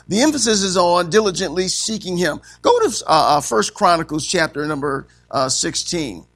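A man preaches from a set outline in a high, light voice. He calls out questions for the congregation to answer and fills his pauses with amen. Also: gravelly, sharp tone. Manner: call-and-response preaching, frequent amens. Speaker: pastor. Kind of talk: sermon.

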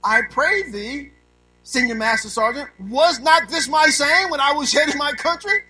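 A preacher putting on the voice of an indignant man who complains loudly to his superior, high and strained. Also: lively intonation, normal speed, exaggerated voice, rough recording. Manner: shouting, high-pitched and strained.

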